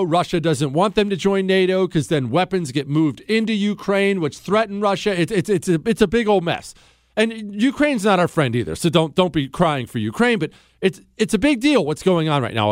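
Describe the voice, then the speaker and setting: Animated sarcastic radio host. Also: male voice, high voice, no echo, clean studio sound. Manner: animated, sarcastic, mocking, laughs often. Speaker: radio talk show host. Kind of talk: opinionated political talk radio monologue. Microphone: studio microphone.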